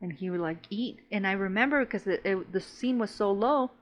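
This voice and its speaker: A woman with a mid-range voice speaks fairly quickly as a podcast co-host in a casual storytelling chat. She tells stories in profane slang, says "bro" a lot and laughs while she talks.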